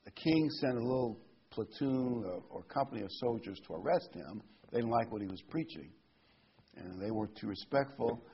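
A man with a husky voice delivers a sermon, leaning hard on key scripture words. The recording sounds dull and lo-fi. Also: medium pitch, animated, moderate pace. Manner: emphatic, reads and stresses scripture words. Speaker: preacher.

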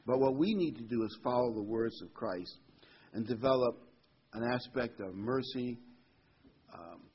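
A man's voice: mid-range voice, husky. Casual, chatty male preacher. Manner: conversational and digressive, reads scripture aloud. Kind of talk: informal Bible teaching. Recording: dull lo-fi recording.

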